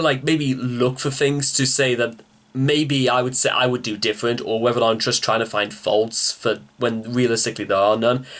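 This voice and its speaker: Halting man reacting to a song. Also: medium pitch. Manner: halting, many restarts, searching for words; addresses viewers as ladies and gentlemen. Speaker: music reaction host. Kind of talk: music reaction commentary.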